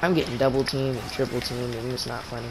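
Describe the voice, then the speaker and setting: A teenage boy chatting with friends over voice chat while playing an online game, excitable and prone to voice cracks when he yells. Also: mid-range voice, quick pace, background noise. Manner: excitable, shouts during fights, voice cracks upward. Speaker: gamer streaming with friends. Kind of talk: casual voice chat while gaming.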